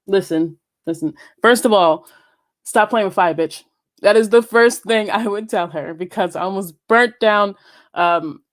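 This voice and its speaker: A woman hosting her own podcast, chatting casually and playfully, laughing often and swearing freely. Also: on the low side. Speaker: podcast host. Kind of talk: casual solo podcast chat.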